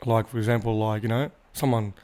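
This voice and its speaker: A man's voice: fairly low pitch, flat delivery, fairly quick, mellow. A man co-hosting a podcast, talking easily in casual chat with tags like "you know what I mean". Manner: easygoing, tag questions, fillers. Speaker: podcast co-host.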